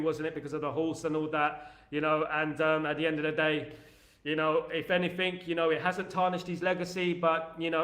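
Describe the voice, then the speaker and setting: A man's voice: on the high side, fairly bright tone. A man from England with a London accent, hosting a casual fan live stream, chatty and rambling as he reads out viewer comments. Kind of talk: casual livestream chat. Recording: echoey room.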